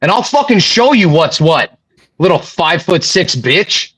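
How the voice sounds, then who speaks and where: High-voiced man ranting angrily. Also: big pitch swings, unhurried, fairly bright tone, slightly rough, low-quality recording. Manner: angry, profane ranting at a chatter. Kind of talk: livestream panel chat.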